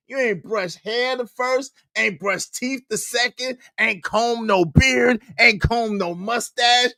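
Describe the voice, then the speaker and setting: A man in riffs on a stream, teasing and animated. His voice swoops widely in pitch while he keeps an unhurried pace. The sound is close and dry. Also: no echo. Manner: animated, mocking, bursts into song and laughter. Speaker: commentary streamer. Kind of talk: casual reaction commentary.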